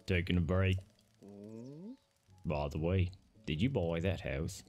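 A laid-back young construction worker, as a man voices him, drawls in a lowered, put-on Australian accent that keeps slipping southern. He sounds unhurried and easygoing, with faint game music under him. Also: steady tone, darkish tone. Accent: put-on Australian, drifting southern.

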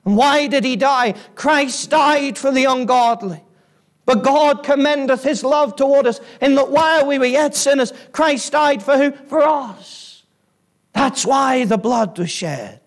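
Fervent high-pitched male preacher. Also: a little slow. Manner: fervent, rising to loud emphatic peaks then dropping low; repeats phrases for emphasis. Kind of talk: evangelistic sermon.

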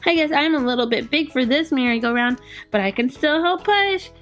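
A woman voicing a big, friendly, gentle female dog in toy play, with a sweet, eager, soft-spoken manner. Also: high-pitched, lively intonation, brisk, faint music behind. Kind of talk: toy play pretend voices.

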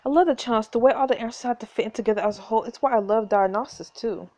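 A woman's voice: on the high side, fast, a little mellow. A woman hosting a gaming channel, reading a story game aloud with chatty asides and frequent laughter.

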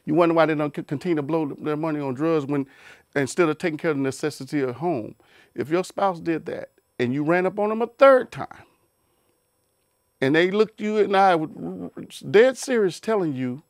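A man's voice: fairly high pitch, expressive, a little fast, dry recording, clean studio sound. A man giving an informal Bible talk, emphatic and repetitive, with rhetorical questions and many restarts. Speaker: Bible teacher.

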